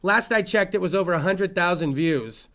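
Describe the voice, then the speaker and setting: A man hosting a casual late-night talk show, loud and profane, swinging between yelling and muttering. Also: high voice, normal speed. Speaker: host.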